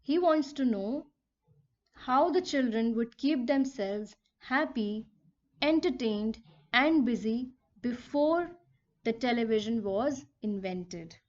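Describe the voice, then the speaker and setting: A woman's voice: fairly high pitch, lively intonation, slow. A woman teaching a poem, reading lines aloud and explaining them step by step, repeating and rephrasing. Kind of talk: poetry lesson explanation. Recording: dull lo-fi recording.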